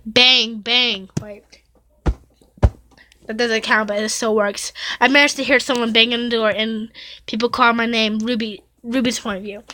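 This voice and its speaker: At a moderate pace, a woman YouTuber reads fan fiction aloud in a steady voice on the high side that sounds pushed and bright. She often stumbles over and corrects words, pausing to react with dramatic exclamations.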